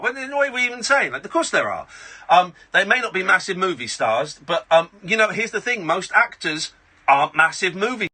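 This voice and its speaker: A man hosting a late-night radio phone-in, talking to a caller in a loose, rambling way. His voice is high for a man and very bright. It has a husky edge and swings widely in pitch. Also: big pitch swings, a little fast. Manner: blunt, rambling, full of restarts. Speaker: radio host. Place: radio studio. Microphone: studio microphone.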